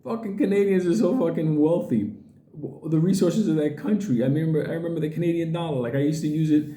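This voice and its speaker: Blunt, swearing man with a dark voice. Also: a little high, fast talker, echoey room. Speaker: crypto video host. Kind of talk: casual profane rant to viewers.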